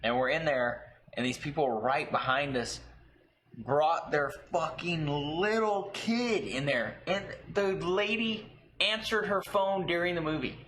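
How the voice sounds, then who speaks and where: A man co-hosting a casual movie chat, profane and animated when he tells stories. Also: fairly high pitch, measured pace. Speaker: podcast co-host.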